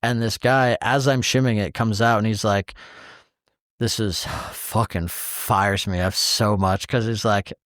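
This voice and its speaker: A man's voice: fairly low pitch, fairly even intonation, a little slow, a bit bright, no room sound, studio quality. A man co-hosting a podcast in casual chat, telling an exasperated story with heavy swearing and acting out the quoted exchanges. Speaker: podcast co-host.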